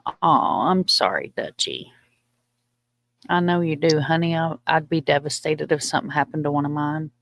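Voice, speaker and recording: A woman's voice: sits low, level tone, fast talker, hardly any pauses, no echo. Woman, casual chatty host, laughs a lot, very dry close sound. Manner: chatty, laughs often, baby-talks her dogs. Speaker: livestream host. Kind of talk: casual chat.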